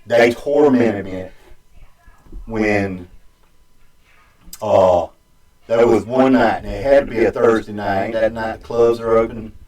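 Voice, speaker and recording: A man's voice: fairly low pitch, steady tone, darkish tone. A man spins a long story in a casual, rambling way. He stops and restarts often, and his voice rings around a roomy space, heard from some way off the mic. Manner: rambling, halting, with many restarts and fillers. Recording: echoey room, distant mic.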